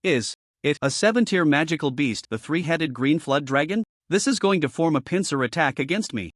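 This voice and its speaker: A man's voice: fairly high pitch, lively intonation, normal speed, no echo, clean studio sound. A man voicing a confident, teasing young male cultivator hero. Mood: tense.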